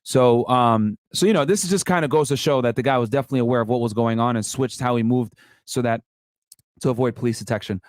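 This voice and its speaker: Brief: male podcast host, casual joking commentary, mid-pitched, dry close mic. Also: fast, no echo.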